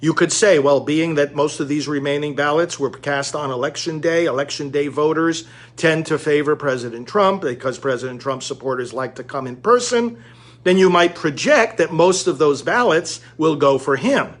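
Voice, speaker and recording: A man's voice: a little high, normal speed. A man from the United States giving an emphatic, lecturing monologue to viewers, repeating key words to drive his point home. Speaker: commentator.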